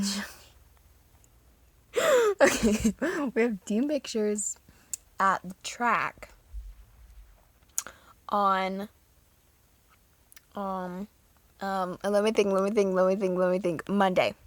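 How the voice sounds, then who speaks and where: A woman's voice: medium pitch, slow, pauses often, no echo. A teenage girl vlogging in casual chat, rambling and giggling as she tells stories. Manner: giggly, rambling, animated storytelling.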